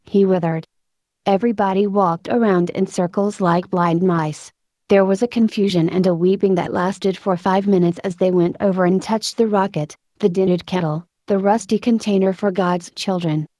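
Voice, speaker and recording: A woman narrating a story aloud in a measured, expressive audiobook style. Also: medium pitch, no echo.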